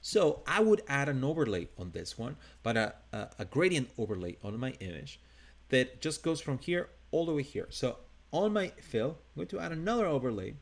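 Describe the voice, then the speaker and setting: A man's voice: medium pitch, very animated, normal speed, creaky. A man with a non-native English accent teaching a live design tutorial, talking casually and thinking aloud as he works. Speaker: design instructor.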